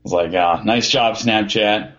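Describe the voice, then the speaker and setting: A man's voice: on the low side, measured pace, fairly bright tone, dull audio, soft background music. A man chatting casually as a podcast co-host, rambling through a story with lots of fillers and restarts. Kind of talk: casual chat.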